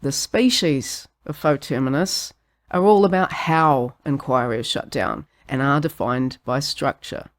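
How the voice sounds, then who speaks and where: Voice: mid-range voice, unhurried. A podcast host with a New Zealand accent giving a scripted philosophy monologue, sardonic and sweary, laughing at their own jokes.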